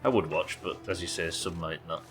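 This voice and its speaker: A man's voice: low voice, a little fast, fairly bright tone, soft background music. A man chatting loosely while streaming a survival game, rambling, swearing and joking at his own expense. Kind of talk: casual gameplay commentary.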